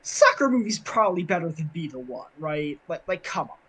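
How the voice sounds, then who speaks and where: A man's voice: a little high, big pitch swings, brisk, bright, forceful tone, husky, rough recording. A man co-hosting a casual podcast chat, rambling with many fillers and restarts. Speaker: podcast co-host.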